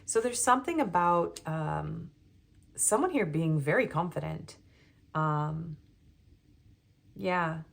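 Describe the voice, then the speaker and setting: A woman's voice: sits low, expressive, takes it slowly, gravelly, long pauses. Nervous woman rambling through a tarot reading. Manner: rambling, hesitant, with many ums and soft laughs. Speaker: tarot reader. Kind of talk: casual tarot reading monologue.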